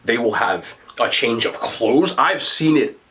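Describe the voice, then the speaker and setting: A young man with a New Jersey accent, telling stories in casual chat as a podcast host. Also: a little slow. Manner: animated storyteller, excited jumps in pitch.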